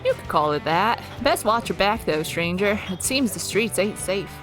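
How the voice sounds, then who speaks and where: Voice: mid-range voice, animated, moderate pace, over music, natural voice. A streamer voicing a kindly male frontier barkeep in a put-on Southern drawl. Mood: wary. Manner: folksy drawl.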